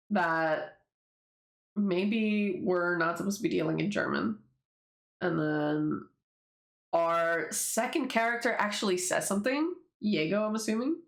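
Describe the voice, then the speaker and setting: A woman casually rambling through commentary on her own comic, swearing freely and laughing as she goes. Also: lowish voice. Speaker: webtoon creator reading her own comic. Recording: echoey room.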